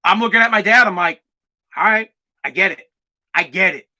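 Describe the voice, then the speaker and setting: Man, young adult, podcast host, casual storytelling, brash and emphatic, high pitch. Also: moderate pace, bright, forceful tone.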